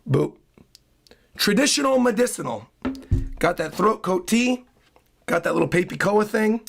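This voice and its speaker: Hoarse, excitable man streaming live, gravelly. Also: sits high. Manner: excitable, bursts into loud hyped yelling. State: hoarse, voice worn out. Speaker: streamer reacting to a comic chapter. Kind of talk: casual livestream chat.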